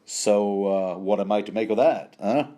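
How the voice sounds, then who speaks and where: A man's voice: on the low side, normal speed, mellow. A man giving a rambling, playful book commentary, full of fillers, restarts and self-corrections.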